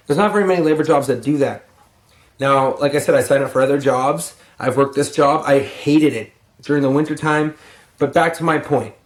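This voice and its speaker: A weary young guy with a mid-pitched voice, a lumber yard crew lead who vlogs, gives casual, cursing, rambling advice in an echoey room at home. He's clearly tired, yawning and sighing throughout.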